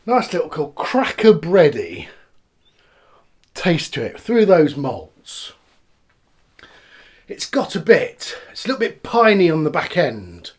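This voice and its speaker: A beer reviewer with a fairly high-pitched, slightly rough voice tastes beers and cider on camera. He's casual, chatty, and rambling as he works through each one.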